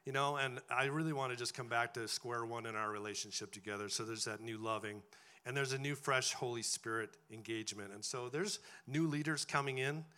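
Bright-voiced male preacher. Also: medium pitch, a little fast, smooth. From farming background. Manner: conversational preaching with frequent rhetorical "right?". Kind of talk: sermon.

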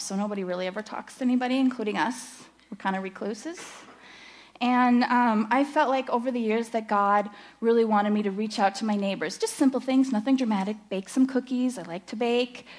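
Candid, self-mocking woman preaching. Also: fairly high pitch. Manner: candid, self-deprecating storytelling with quick asides. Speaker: speaker giving a church teaching. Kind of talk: personal sermon-style teaching.

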